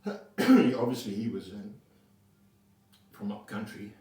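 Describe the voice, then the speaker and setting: Animated older man telling a story. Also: fairly low pitch, slow pace. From South Africa. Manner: rambling, profane, animated storytelling. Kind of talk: casual spoken anecdote. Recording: roomy echo, mic at a distance.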